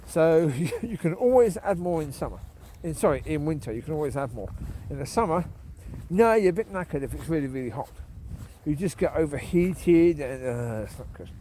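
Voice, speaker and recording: A man's voice: on the high side, animated, normal speed, mellow, slight background noise. A man chatting casually while walking outdoors at night, opinionated and repeating his points, often chuckling. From United Kingdom. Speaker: vlogger. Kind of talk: casual walk-and-talk chat.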